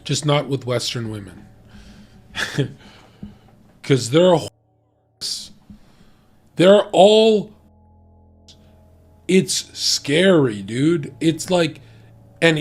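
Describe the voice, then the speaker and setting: A man's voice: fairly high pitch, expressive, takes it slowly, pauses often, a little mellow, faint music behind. A man talking bluntly and profanely in a heated, ranting casual chat about dating. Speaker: podcast guest giving dating opinions.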